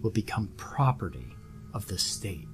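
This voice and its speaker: A man voicing a cold, calculating male Nazi official, speaking quietly and condescendingly in an audiobook horror story. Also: lowish voice, big pitch swings, unhurried, over music.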